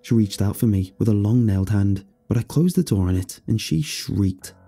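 Gravelly dark-voiced man narrating horror. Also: lowish voice, moderate pace, soft background music. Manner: steady first-person storytelling. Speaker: storyteller.

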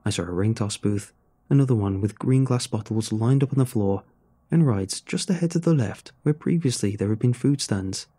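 A man's voice: fairly low pitch, expressive, normal speed, warm tone, breathy edge. A man narrating a first-person horror story in a scripted storytelling style.

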